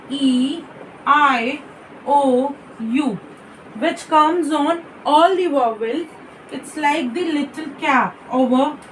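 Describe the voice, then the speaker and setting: A woman's voice: high-pitched, recorded from a distance, a little hiss or hum, poor audio. A woman teaching a beginners' French lesson, explaining patiently and repeating each word, with small slips in her English.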